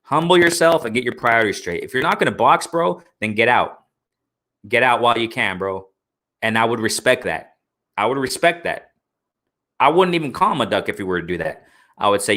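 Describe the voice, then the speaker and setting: A man's voice: mid-range voice, animated, fairly quick, pushed and bright. A man hosting a live boxing talk stream, ranting heatedly with slang, repeating himself and answering his chat. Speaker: boxing talk show host. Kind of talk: live-stream commentary and rant.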